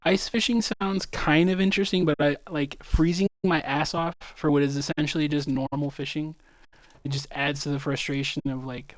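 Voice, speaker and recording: A man's voice: a little high, little pitch movement, normal speed, no room sound. A young man streaming a game, telling loose, profane stories in casual chat.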